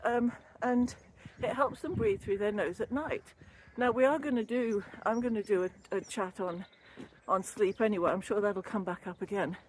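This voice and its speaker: Breathless from walking by a canal, this older woman talks in a mid-range voice at a moderate pace, barely pausing. A wellbeing vlogger who once trained as a yoga teacher, she's rambling, chatty and quick to laugh, captured on a phone or camera mic with slight background noise.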